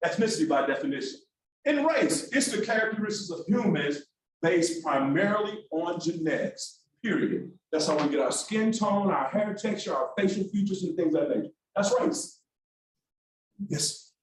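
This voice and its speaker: A man from Alabama leading an interactive classroom workshop, brisk and animated as he calls on the room. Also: high-pitched, heavy reverb, recorded from a distance, a little hiss or hum, rough recording. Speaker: workshop instructor. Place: large echoey classroom.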